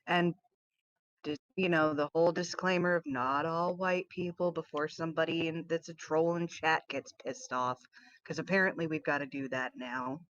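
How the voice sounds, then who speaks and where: A woman's voice: low voice, moderate pace, no room sound. Blunt, swearing woman on a dull mic. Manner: blunt, swears freely, animated when acting out scenes. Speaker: host. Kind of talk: casual panel discussion. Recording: dull lo-fi dry sound.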